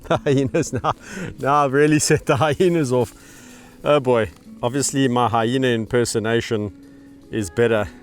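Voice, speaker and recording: Outdoors at a sanctuary, this middle-aged man who runs a wildlife channel chats casually and relaxedly, often chuckling and speaking to the animals. He has a mid-range voice at a normal pace. Faint music plays behind him.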